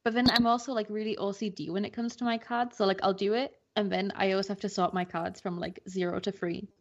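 A woman talks casually as a podcast guest, rambling and full of filler words. Her voice sits at a middling pitch for a woman. The audio is dull and muffled. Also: steady tone, fast. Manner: chatty, lots of "like" fillers. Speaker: guest, card game player.

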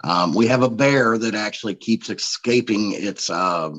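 A man's voice: lowish voice, measured pace, a bit bright, poor audio. A man in his forties from Missouri, a coach and speaker telling stories in a casual podcast interview, laughing often. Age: 40s. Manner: chatty storyteller, laughs often.

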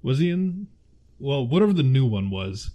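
A relaxed, mid-pitched man talking casually with a friend about old films. He chats loosely, laughs easily and stops to hunt for actors' names. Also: moderate pace. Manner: chatty, laughs often, searches for names aloud. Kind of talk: casual chat.

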